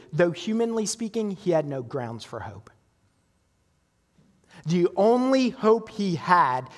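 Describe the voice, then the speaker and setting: Male pastor, sermon, high voice, conversational, asks for agreement, long reverb. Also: a little mellow.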